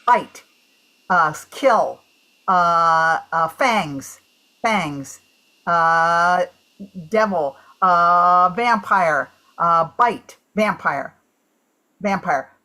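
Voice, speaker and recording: A woman calls out guesses in a party game at an unhurried pace, stopping and starting between words and filling gaps with "uh". Her voice sits mid-range. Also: lowish voice, animated, pushed and bright. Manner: guesses aloud in halting bursts with many fillers. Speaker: game player.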